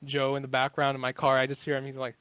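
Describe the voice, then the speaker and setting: A man's voice: mid-range voice, monotone, quick pace, a bit bright, clean tone, no room sound. A man in his twenties, a podcast guest, chatting casually in a rambling, profane way with many fillers. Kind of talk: casual chat.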